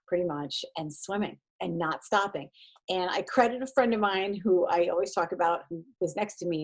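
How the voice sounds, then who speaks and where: A woman, a podcast guest telling her story in casual, animated fashion, acting out the voices of the people around her. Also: mid-range voice. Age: 40s. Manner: animated, acts out quoted voices, self-deprecating. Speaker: podcast guest, triathlete and performance coach.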